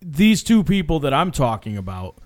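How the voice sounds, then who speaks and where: A man's voice: a little high, very animated, normal speed, a little mellow. A man in a casual group chat, arguing his point, interrupting and repeating himself. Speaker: podcast co-host.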